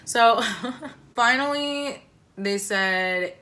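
A young woman rambles through a personal story full of likes and ums, swearing freely and drawing out her words. Whenever she quotes herself, her voice jumps shrill and loud.

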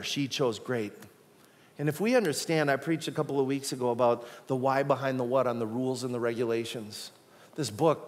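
Animated, joking male pastor preaching. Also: medium pitch, in a large hall. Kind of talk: sermon. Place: church sanctuary.

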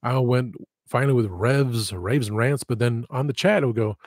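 Husky man rambling on a livestream. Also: medium pitch, normal speed, a little mellow, dry recording, studio quality. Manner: rambling, digressive, self-deprecating. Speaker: livestream host. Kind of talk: casual livestream chat.

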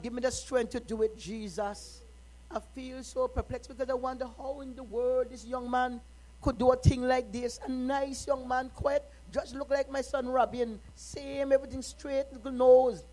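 A middle-aged woman minister preaching a sermon, moving from quiet, personal talk to impassioned shouting. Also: a little high, low-quality recording.

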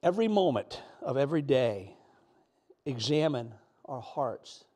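A man's voice: mid-range voice, sing-song, unhurried, darkish tone. A middle-aged man preaching a sermon in an earnest, emotional way, sometimes close to tears.

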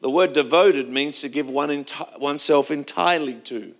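At a normal speed and with a voice on the high side, a middle-aged pastor from Australia preaches in church, narrating stories casually with many restarts.

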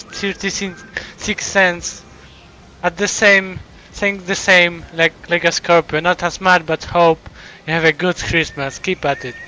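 A man streaming live, his voice high and bright as he stumbles over his words. He is close to tears, slow and halting, repeating himself again and again. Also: highs cut off, a little hiss or hum. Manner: stammering, overwhelmed, repeats himself. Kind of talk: live stream chat, thanking donors.

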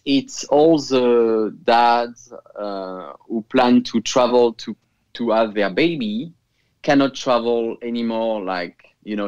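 A man's voice: medium pitch, muffled recording. A man with a French accent, a fertility center case manager, speaking earnestly in an interview and sometimes searching for words. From France. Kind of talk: interview over a call.

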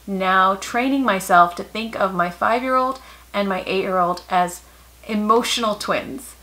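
A woman in her thirties talks straight to camera about parenting, calm and matter-of-fact. Her voice is bright and clear at a middling pitch, and it goes soft and gentle whenever she repeats what she tells her children. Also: a little slow, poor audio. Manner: warm, calm and matter-of-fact, softening for quoted lines to children. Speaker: parenting vlogger. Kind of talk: casual advice talk to camera.

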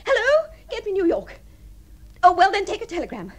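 An actress in a radio drama playing a refined, lonely woman who imagines she is about to marry, her voice moving between breathy tenderness and giddy excitement. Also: extremely high pitch, brisk, full character voice. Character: deluded lonely upper-class spinster dreaming of marriage. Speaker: the Princess.

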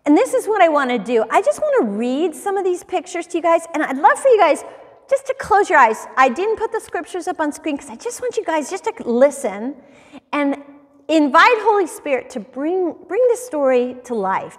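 A woman teaching a Bible study class, reading scripture aloud and bringing the dialogue to life with an expressive delivery. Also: sits high, in a large hall.

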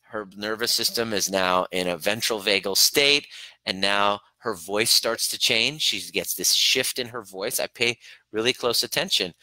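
A man's voice: on the low side, measured pace, bright, forceful tone, low-quality recording. A man hosting a Q&A as a trauma coach, talking casually and earnestly and acting out little quoted voices as he teaches.

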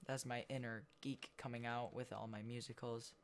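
A gameplay video host giving casual commentary while building, thinking out loud and trailing off mid-sentence. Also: mid-range voice, level tone, normal speed.

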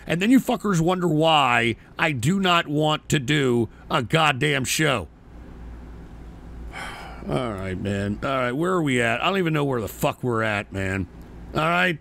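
A man hosting a live call-in show, profane and irritable, often breaking into shouted rants. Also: a little high, very animated, moderate pace, creaky, dry recording.

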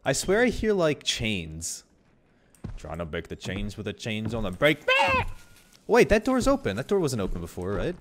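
Jumpy young man yelling through a horror game. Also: fairly low pitch, huge pitch swings, normal speed, a little hiss or hum. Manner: jumpy, joking, yelps and shouts. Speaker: streamer. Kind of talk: horror game playthrough commentary.

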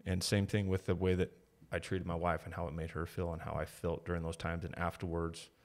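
Very deep-voiced man telling his story. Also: flat delivery, fairly quick. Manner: candid, reflective storytelling with quoted voices. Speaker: podcast guest. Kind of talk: casual conversation.

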